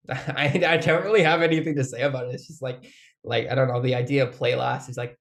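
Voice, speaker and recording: A man talking in a casual, rambling monologue, his voice sitting at an ordinary middle pitch. He strings thoughts together with constant "like"s, casual swearing and bursts of laughter. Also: fairly even intonation, a little fast, creaky. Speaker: vlogger.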